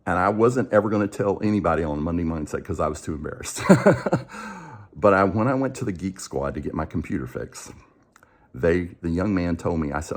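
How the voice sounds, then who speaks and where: A man with a very low, deep voice who speaks casually and directly to the camera. He retells a story by acting out both sides of the conversation, with many restarts. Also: a little fast. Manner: conversational, acts out the dialogue, frequent restarts. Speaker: coach and show host.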